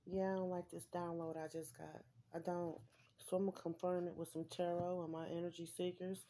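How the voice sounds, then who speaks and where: A woman's voice: on the low side, level tone, brisk, warm tone, a little hiss or hum. Rambling woman reading tarot. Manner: rambling, repeats phrases for emphasis. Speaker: tarot reader. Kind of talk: casual tarot reading vlog.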